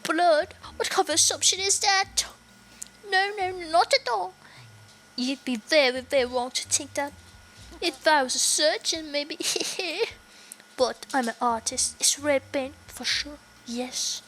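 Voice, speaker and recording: A woman voicing a theatrical lady who fakes a wobbly French accent with breathy sighs. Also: high voice, steady tone, normal speed, few pauses, a bit bright, a little hiss or hum. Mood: defensive.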